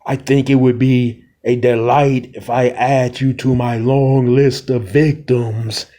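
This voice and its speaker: Sinister female vampire queen, slow and drawn out, cruel, as a man puts her on, medium pitch. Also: little pitch movement, warm tone, close to an everyday voice. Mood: menacing.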